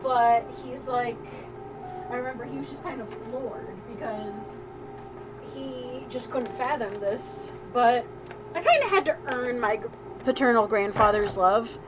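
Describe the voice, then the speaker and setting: This is a woman with a high, bright-toned speaking voice, telling a family anecdote during a live crafting stream. She rambles casually and doubles back on her words. She laughs easily as she goes. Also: measured pace, loud music behind the voice, poor audio. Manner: chatty and rambling, with frequent laughs and restarts. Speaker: soapmaker hosting a live stream. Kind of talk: casual storytelling while crafting.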